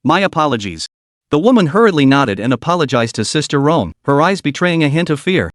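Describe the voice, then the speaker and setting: A man narrating a story recap in a steady, even scripted delivery. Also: a little high, brisk, no echo, studio quality.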